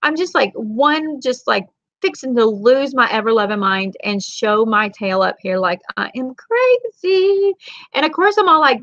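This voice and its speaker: A woman's voice: fairly high pitch, moderate pace, no room sound, highs cut off. A woman, chatting casually on a livestream, telling rambling stories and reading viewer comments. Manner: chatty, rambling, animated storytelling with Southern colloquialisms. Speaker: livestream vlogger and mom.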